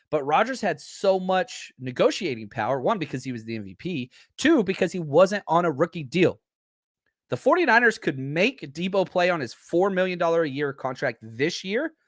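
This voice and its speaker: A man hosting a casual sports talk stream, speaking in a voice that sits a bit high for a man. He's animated and blunt and jokes with his chat. The sound is dry and close, with no room in it. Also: no room sound. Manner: animated, blunt, jokey, talks straight to chat. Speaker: podcast host.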